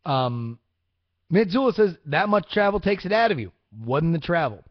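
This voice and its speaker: A young man hosting a casual live-streamed podcast, answering chat with rambling, profane, excitable rants. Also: a little high, normal speed, no echo, lo-fi sound. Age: young adult. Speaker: podcast host.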